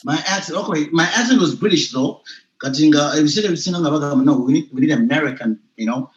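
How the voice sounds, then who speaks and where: A Ugandan man, a teacher, a guest on a call, arguing his points in an animated, insistent way. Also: fairly high pitch, fast, slight background noise. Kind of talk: casual debate mixing Luganda and English. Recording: dull, echoey room sound.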